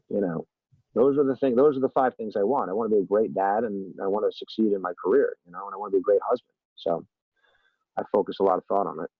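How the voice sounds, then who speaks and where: A man guest in a conversational interview, talking at length with asides and animated anecdotes. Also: lowish voice, no echo, narrow, tinny audio. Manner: long-winded, animated storyteller with many asides. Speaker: podcast guest, TV executive.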